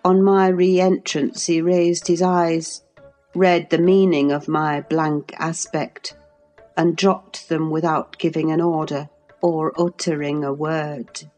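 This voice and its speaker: A woman narrating an audiobook in a measured, even storytelling manner. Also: low-pitched, soft background music. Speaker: audiobook reader.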